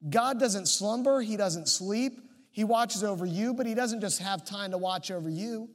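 A man preaching a sermon, reading scripture aloud and explaining it with expressive, emphatic delivery. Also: high voice. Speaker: pastor.

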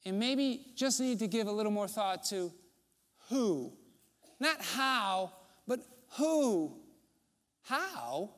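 Preaching slowly in a light, sing-song voice, this pastor speaks to his congregation like a friend, leaving long pauses. Rhetorical questions come up, and for emphasis he slips into soft, low tones. A long reverb, like a large sanctuary's, follows each word.

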